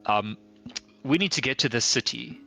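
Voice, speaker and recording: A man's voice: medium pitch, moderate pace, creaky, pushed and bright, faint music behind. A man playing a tabletop game, speaking in character hesitantly, stammering, with polite formal phrasing. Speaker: player. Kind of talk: casual in-character play.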